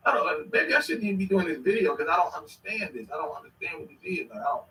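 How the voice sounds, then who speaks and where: A man's voice: high-pitched, expressive, fast talker, sharp tone, a little hiss or hum. A man casually reacting to clips on a stream, rambling and slangy with sudden bursts of laughter. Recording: echoey room, mic at a distance.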